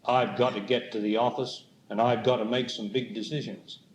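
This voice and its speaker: A man giving a spiritual talk to a live audience, speaking slowly and deliberately and putting questions to the listeners. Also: mid-range voice, steady tone. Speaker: spiritual teacher. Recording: echoey room with faint noise.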